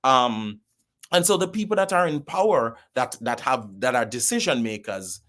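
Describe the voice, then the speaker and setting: A middle-aged Jamaican man with a Jamaican accent is a podcast guest in casual conversation, speaking with animated, opinionated conviction. His voice is medium-pitched at normal speed.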